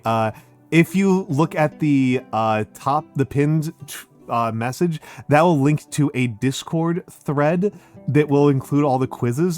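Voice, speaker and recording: Middle-aged male streamer, slow and chatty, faint music under the voice. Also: medium pitch, a little mellow. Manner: slow, chatty, laughing often, with many fillers. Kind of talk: casual live-stream chat.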